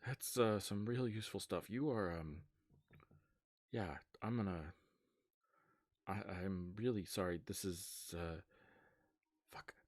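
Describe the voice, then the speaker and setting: A man's voice: low voice, slow, long pauses, no room sound, clean studio sound. A man voicing a nervous young male noble with long ears, stammering and flustered in a tabletop game.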